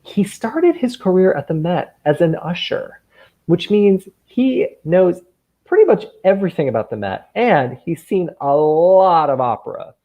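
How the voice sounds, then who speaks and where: A man hosting a kids' camp video call from his room at home, gushing and excitable. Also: high voice, a little slow, lo-fi sound. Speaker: guest host, camp counselor.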